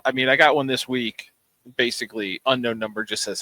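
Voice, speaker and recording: A man co-hosting a podcast, talking in a wry, casual way with frequent swearing and lively retelling of stories. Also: medium pitch, fairly quick, no echo, rough recording. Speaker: podcast co-host. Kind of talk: casual chat.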